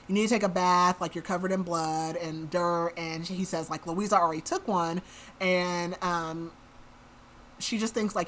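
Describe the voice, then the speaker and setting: Bright-voiced chatty woman podcaster. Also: fairly low pitch, slight background noise. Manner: chatty, says "like" a lot. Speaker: podcast host. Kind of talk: casual book recap.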